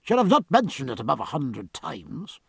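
A learned ship's surgeon speaks with dry, precise wit, as a male narrator reads him. The voice is gravelly and husky, pitched a little high, and recorded close and dry. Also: huge pitch swings, normal speed, fairly bright tone, no echo, exaggerated voice.

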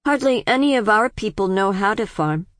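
A woman's voice: medium pitch, animated, normal speed, dry recording, studio quality, pitched above the performer's own voice, close to an everyday voice. A woman voicing a curious, defiant young woman of twenty who keeps asking pointed questions. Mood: probing.

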